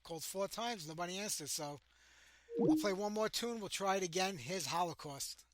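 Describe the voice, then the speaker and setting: A man with a fairly high voice hosts a live radio show. He talks loosely and casually, filling the air while he waits on a phone call. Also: lively intonation, normal speed. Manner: loose and chatty, talks through dialing attempts.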